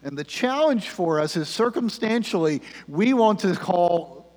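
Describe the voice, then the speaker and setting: Pastor with a mic in a reverberant sanctuary. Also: male voice, high voice, animated, unhurried. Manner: frequent "uh" fillers, swings from loud rallying to hushed prayer. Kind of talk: sermon. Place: church sanctuary. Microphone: handheld microphone. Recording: long hall reverb.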